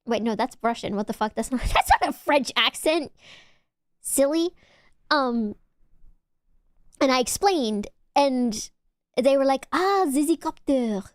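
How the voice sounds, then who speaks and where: A woman's voice: high voice, a little slow, long pauses, clear, resonant tone, dry recording, studio quality. Giggly, teasing young woman streamer. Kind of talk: casual chat with viewers.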